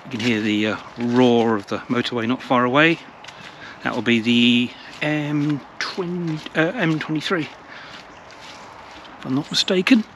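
A man's voice: mid-range voice, unhurried. A man narrating a casual walking vlog through a village, chatty and rambling, repeating his words. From England. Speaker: travel vlogger. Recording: outdoor recording with clear traffic noise.

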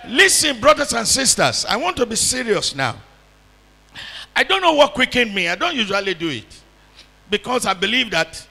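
High gravelly fervent male preacher. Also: sharp tone, big-room sound. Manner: fervent preaching, leads congregation in call-and-repeat prayer. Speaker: pastor. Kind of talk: sermon.

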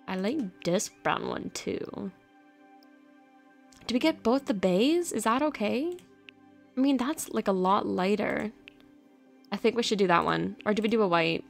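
A woman with a mid-range voice hosts her gaming channel, offering casual commentary. She gushes excitedly as she talks to the horses in her game.

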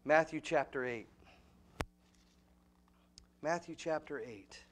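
A man with a high voice preaches a sermon, his delivery swinging from hushed asides to loud, emphatic peaks. He keeps checking in with the congregation through repeated questions and calls of "amen.". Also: takes it slowly, background noise. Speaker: pastor.

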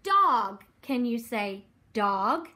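A woman therapist reading a picture book aloud at home, slowly naming animals and colors and prompting a young child to repeat words. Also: a little high, big pitch swings, pushed and bright. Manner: slow, exaggerated, prompting questions. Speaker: developmental therapist.

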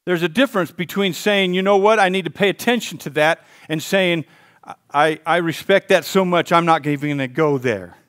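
Male pastor, high voice, impassioned sermon with call-and-response. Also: normal speed. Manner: swings from hushed intensity to fired-up exclaiming; calls on the congregation to repeat lines.

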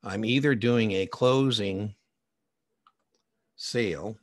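Low-voiced chatty male instructor. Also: takes it slowly, dry recording. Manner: chatty, digressive, with personal anecdotes and asides. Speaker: exam prep instructor. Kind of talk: conversational recorded lecture.

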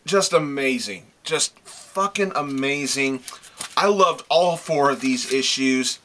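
Bright, swearing, enthusiastic comic-reviewing man. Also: medium pitch, lively intonation, slow. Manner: gushing praise, repeats himself. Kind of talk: casual video review.

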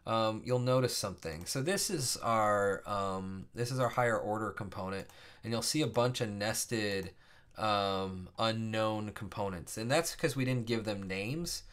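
A man's voice: lowish voice, measured pace, a bit bright. A man teaching a casual coding screencast, thinking aloud with many fillers and self-corrections. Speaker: programming instructor.

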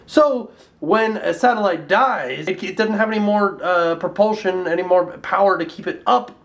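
Male vlogger with a high voice, playful, jokey, explains science with self-mocking asides. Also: moderate pace, fairly bright tone. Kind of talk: casual comic explainer vlog.

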